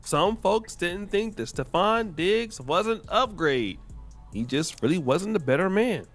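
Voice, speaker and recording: A man's voice: high voice, expressive, measured pace, soft background music. A man hosting a reaction show, narrating gossip news and reading comments aloud. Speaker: host.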